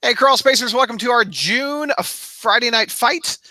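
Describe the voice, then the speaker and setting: High bright-voiced man hosting. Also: unhurried, dry recording. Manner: upbeat, laughs often. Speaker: podcast host. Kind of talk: casual chat.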